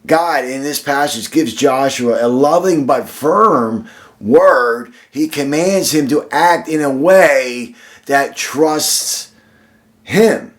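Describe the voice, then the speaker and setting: Earnest man giving a slow devotional. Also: medium pitch. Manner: earnest, repetitive, building emphasis through repeated phrases; slow, deliberate delivery with frequent restarts. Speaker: devotional speaker. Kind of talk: short devotional sermon.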